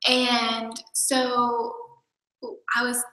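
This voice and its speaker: Young woman, casual earnest storytelling, high bright voice, filler words. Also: monotone, very slow. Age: young adult. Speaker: student volunteer. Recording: roomy echoey sound.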